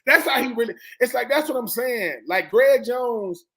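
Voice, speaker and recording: A man in his forties, a former football player on a sports talk panel, telling stories in a lively way and acting out what others said. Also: very high voice, normal speed. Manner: animated storyteller who acts out quoted voices.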